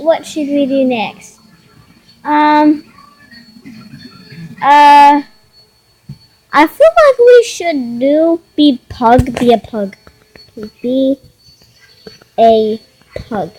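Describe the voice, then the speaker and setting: Slow, high-voiced excited young woman. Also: faint music behind, low-quality recording. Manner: excitable, giggly, slow and drawn-out. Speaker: game player. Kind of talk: casual gameplay commentary.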